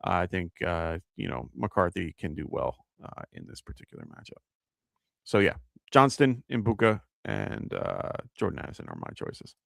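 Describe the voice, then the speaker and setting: A man with a deep, gravelly New York-accented voice swoops wildly in pitch at a moderate pace, recorded clean in a studio with no echo. Hosting a live fantasy football stream, he gives casual advice while thinking aloud, with lots of fillers and self-corrections.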